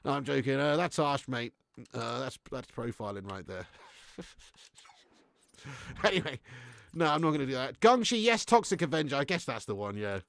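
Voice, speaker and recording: A man's voice: mid-range voice, very animated, normal speed, vocal fry, pauses often, a bit bright, dry recording. A young man streaming a football game, chatting casually, swearing and reading out the chat. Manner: laid-back, swearing, reads chat aloud. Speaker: gaming streamer.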